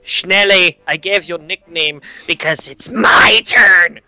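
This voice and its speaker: A man's voice: high-pitched, slow, sharp tone, dry recording, soft background music. A man chatting in a group voice call, answering in a blustering, mock-indignant way. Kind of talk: casual chat.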